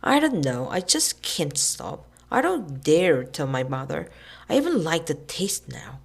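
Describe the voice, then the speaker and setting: A woman voicing a stubborn, excitable young boy in a storybook reading, pitching her voice up and calling out eagerly. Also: measured pace, creaky, heavily acted. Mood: puzzled. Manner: shrill, yelling triumphantly.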